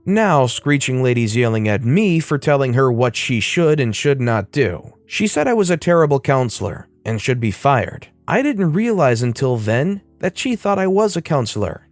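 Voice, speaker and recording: A man's voice: medium pitch, sing-song, moderate pace, few pauses, no room sound, faint music behind. Wry man reading online stories. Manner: casual, wry asides. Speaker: story narrator.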